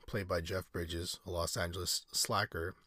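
Man, very low voice, husky, casual reading with digressions, dry sound. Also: flat delivery, normal speed, bright, forceful tone, no echo. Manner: rambling, digressive, self-correcting. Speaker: solo podcaster. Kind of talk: reading aloud with casual asides.

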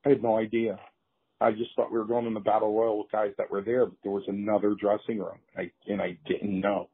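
A man telling wrestling stories in an interview, animated and repeating himself as he acts out what people said. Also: lowish voice, fairly quick, breathy edge. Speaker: former pro wrestler. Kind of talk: storytelling in an interview. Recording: tinny phone-line sound.

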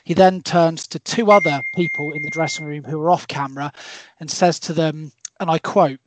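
A man on a podcast panel, telling an animated story. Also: a little high, moderate pace, no echo, low-quality recording. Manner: animated, relishing profanity in quotes. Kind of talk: casual podcast anecdote.

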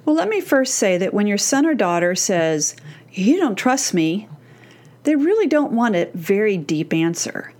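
A middle-aged woman hosting a podcast lesson as a parenting coach. She speaks at a mid pitch in an earnest, emphatic manner. She slows down to stress key phrases. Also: big pitch swings, darkish tone. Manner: earnest and emphatic, slowing down to act out quoted teens.

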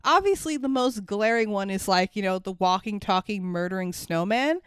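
A woman's voice: mid-range voice, normal speed, smooth, dry recording, clean studio sound. A young adult woman co-hosting a podcast, chatting casually and sarcastically about a movie, swearing and acting out lines. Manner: animated, sarcastic, swears freely, acts out quotes. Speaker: podcast co-host. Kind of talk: casual movie review chat.

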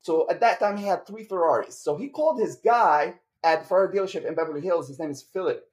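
A man from Lebanon spins a long anecdote in an animated storytelling style. His voice sits a little high, and he slips into quoted voices and drops "bro" again and again. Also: quick pace. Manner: acts out quoted voices, says bro often. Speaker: guest entrepreneur.

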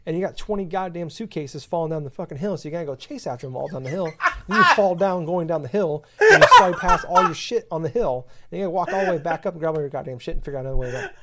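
A man's voice: a little high, heavy background noise. A man in casual chat, rambling and swearing as he rants about a game. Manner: profane, rambling, exasperated ranting.

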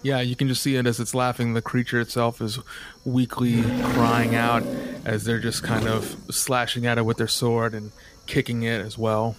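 A man's voice: medium pitch, monotone, normal speed, very noisy. A man running a tabletop game as game master, describing scenes in a hesitant way with many fillers.

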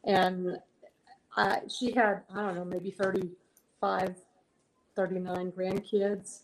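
A woman's voice: medium pitch, little pitch movement, slow pace, poor audio. A woman guest, a singer-songwriter, chatting earnestly in an interview and telling heartfelt stories with frequent restarts. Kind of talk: casual interview chat.

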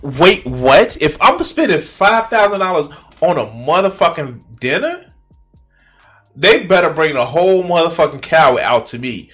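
A man's voice: a little high, lively intonation, unhurried, fairly bright tone, faint music behind. A man hosting a reaction video, talking in a casual, profane and incredulous way, mocking and laughing at what he watches.

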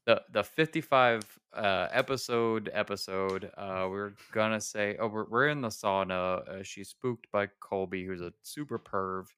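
A man co-hosting a podcast, rambling through a movie scene with laughs and quick bursts of acted-out dialogue. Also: lowish voice, fairly bright tone, clean tone, no room sound, clean studio sound. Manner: rambling, laughing, acts out characters' lines. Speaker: podcast co-host. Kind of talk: casual chat recapping a movie.

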